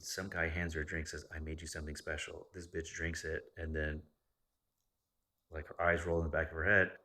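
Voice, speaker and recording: A young man casually telling a long story, swearing often and acting out what others said. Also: extremely low pitch. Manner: profane, animated retelling of a story.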